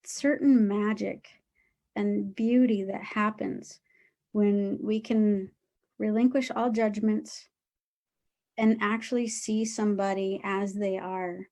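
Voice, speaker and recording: A woman guest speaks reflectively in an interview. Her voice has a gravelly, creaky edge and sits at a middle pitch. She wanders earnestly through her thoughts, leaning on fillers as she goes. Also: fairly even intonation, slow, dark tone. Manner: earnest, rambling, many fillers like "it's just, like". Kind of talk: reflective spiritual conversation.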